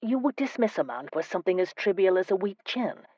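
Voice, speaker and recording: A woman narrator voicing a proper, earnest male diplomat in an audiobook, in a measured, reasoning way. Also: mid-range voice, lively intonation, dark tone, no room sound, muffled recording, close to an everyday voice. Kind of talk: audiobook character voice.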